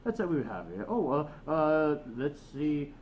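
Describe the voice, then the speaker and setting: A man's voice: fairly high pitch, sing-song, normal speed, a little mellow, highs cut off. A man from China chatting as a co-host, stumbling over repeated words with playfully formal phrasing. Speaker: co-host, guest. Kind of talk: casual chat. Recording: roomy echo, faint noise.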